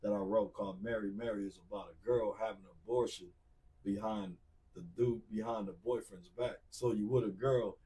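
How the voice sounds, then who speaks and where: A man's voice: on the low side, moderate pace, distant mic. A man in his forties, an R&B singer telling stories in casual talk, acting out the people in them. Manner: animated, acts out voices of people in his stories. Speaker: R&B singer, podcast guest. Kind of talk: casual storytelling.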